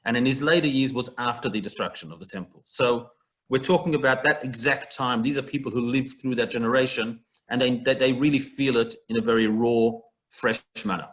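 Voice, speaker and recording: Man, relaxed teacher, conversational, explaining text, video call audio. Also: mid-range voice, a little fast. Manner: conversational, explains with everyday local comparisons. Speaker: Talmud teacher. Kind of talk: online text study class.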